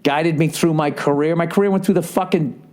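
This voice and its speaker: A man's voice: on the high side, a little fast, darkish tone. A man telling stories in a casual podcast monologue, rambling and swearing constantly, often checking in with "right?" as he goes. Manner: rambling, profane storytelling with frequent swearing and "right?" asides. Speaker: comedian hosting his podcast.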